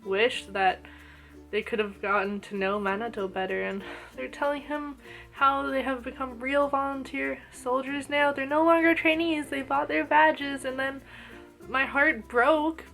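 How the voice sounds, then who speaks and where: A woman casually reviewing an anime episode, gushing and excitable, full of "oh my gosh" and "like". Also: sits high, unhurried, gravelly, soft background music.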